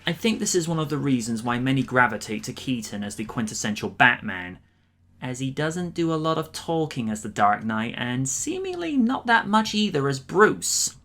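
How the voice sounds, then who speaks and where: A man narrating a scripted film review with measured, admiring commentary. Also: medium pitch, big pitch swings, sharp tone.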